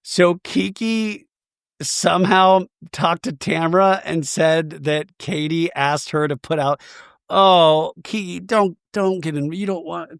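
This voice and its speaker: A man hosting a podcast, recapping in a gossipy, animated style with quick asides. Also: on the high side, creaky, smooth, no room sound, clean studio sound. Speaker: podcast host. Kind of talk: casual comedic recap.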